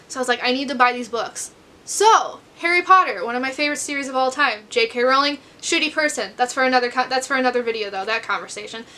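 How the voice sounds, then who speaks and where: Young American woman for a casual home book vlog; high, bright, chatty and rambling, pokes fun at herself. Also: a little hiss or hum. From United States. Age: 20s. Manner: rambling, chatty, self-deprecating. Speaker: book vlogger. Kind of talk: casual chat to camera.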